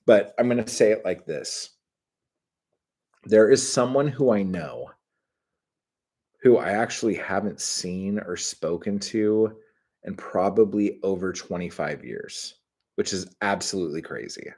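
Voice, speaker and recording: A middle-aged man hosting his own livestream, chatting casually, rambling and swearing with sudden bursts of excitement. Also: sits low, a little slow, long pauses. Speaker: channel host.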